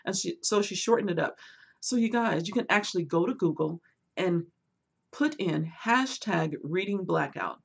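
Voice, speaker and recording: Chatty husky-voiced woman hosting a book livestream. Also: lowish voice, normal speed. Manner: chatty, animated, reads viewer comments aloud; swings between lively bursts and quiet asides. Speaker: booktube host. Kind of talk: casual livestream chat.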